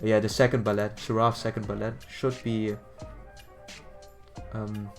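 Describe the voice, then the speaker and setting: A man's voice: on the low side, flat delivery, a little slow, faint music behind. A man streaming a game, chatting casually in a rambling way, repeating words and laughing often. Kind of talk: casual live-stream chat.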